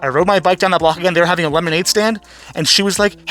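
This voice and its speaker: Bright high-voiced man telling a story. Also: very fast. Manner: profane, rambling, acts out quotes. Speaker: vlogger host. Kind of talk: casual storytelling.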